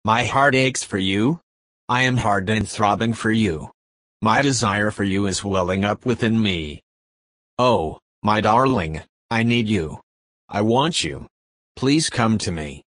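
A man voicing an adoring divine bridegroom in a devotional reading, slow and pleading, lingering on each phrase. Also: on the low side, fairly bright tone, no room sound, studio quality. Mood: yearning. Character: adoring divine male bridegroom, yearning and tender.

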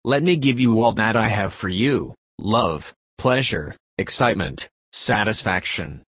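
A man voicing an adoring divine bridegroom in a devotional reading, slow and pleading, lingering on each phrase. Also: lowish voice, lively intonation, a bit bright, no echo, studio quality. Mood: yearning. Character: adoring divine male bridegroom, yearning and tender.

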